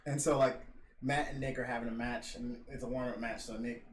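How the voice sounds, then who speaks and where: A man on a casual podcast, retelling wrestling stories with loud swearing and laughter. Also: mid-range voice, brisk. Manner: animated storytelling with swearing and laughter. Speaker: podcast host. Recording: roomy, distant, noisy home recording.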